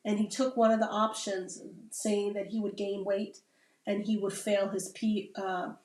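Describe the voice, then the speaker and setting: A woman's voice: mid-range voice, level tone, a little slow, a little mellow. A woman, a Navy veteran, talking in a casual, rambling podcast conversation and often checking in with "right?". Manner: rambling, keeps adding "right?" tags. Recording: roomy sound from a distant mic.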